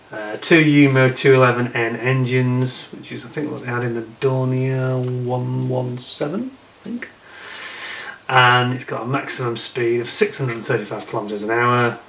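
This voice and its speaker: A man talks his way through a model kit review in a loose, chatty manner, often muttering asides to himself. His voice sits at an everyday middle pitch. It is recorded in an echoey room with a faint noise underneath. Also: fairly bright tone. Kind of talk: casual unboxing commentary.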